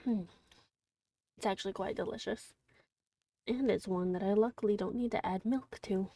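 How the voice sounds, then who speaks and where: A young woman streamer chatting quietly and gently, half-whispering as she recaps a book she reads aloud. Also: medium pitch, moderate pace, no room sound, distant mic. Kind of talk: gentle soft-spoken livestream chat.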